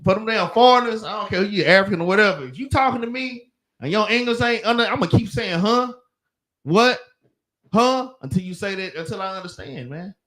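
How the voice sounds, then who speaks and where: A man with a Southern US accent leads a religious class in an easy, slangy way, drifting into work stories. His voice sits high for a man. He laughs along as he talks. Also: animated, fast talker, fairly bright tone. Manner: loose storytelling with slang and laughs. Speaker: class leader. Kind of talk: casual teaching chat.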